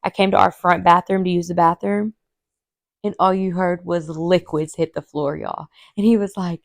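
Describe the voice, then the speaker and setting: A woman, a podcast host telling a story casually and animatedly, acting out quotes in a high voice. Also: fairly even intonation, moderate pace, dry recording, studio quality.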